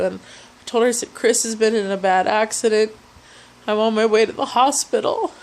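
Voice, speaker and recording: A young woman giving a personal testimony, retelling events in a halting, emotional way with many restarts. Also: medium pitch, fairly even intonation. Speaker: speaker sharing a testimony.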